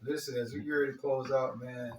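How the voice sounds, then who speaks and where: A man's voice: mid-range voice, little pitch movement, fast talker, a little mellow. A man hosting a casual chat, laid-back and chiming in with short agreements. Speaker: podcast host. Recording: echoey room, distant mic, people nearby.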